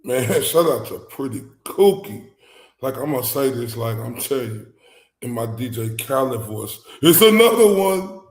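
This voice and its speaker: A man from Dallas giving casual, emphatic reaction commentary as a YouTuber, swinging between loud outbursts and low muttering. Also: normal speed. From Dallas, Texas. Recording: echoey room.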